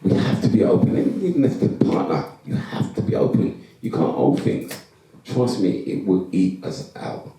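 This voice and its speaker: A man's voice: low-pitched, moderate pace, slight background noise. A man, a former professional footballer, telling his life story to a live audience and acting out the conversations in it. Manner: animated storytelling, acting out quoted exchanges. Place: event hall. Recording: echoey hall, distant mic.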